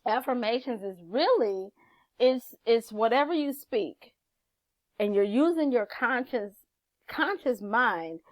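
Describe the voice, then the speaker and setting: A woman hosting a motivational channel, talking casually to camera, chatty and animated, acting out little quotes as she teaches. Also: a little high, takes it slowly, dry recording. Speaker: channel host, life coach.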